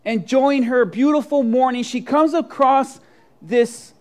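A preacher giving a sermon and telling a story with dramatic swings from soft to loud. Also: sits high, measured pace.

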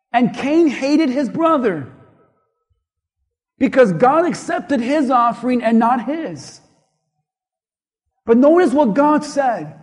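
A male pastor preaching a sermon, impassioned and emphatic, dropping to hushed tones at times, in a large church hall. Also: very high-pitched. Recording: long reverb of a large hall.

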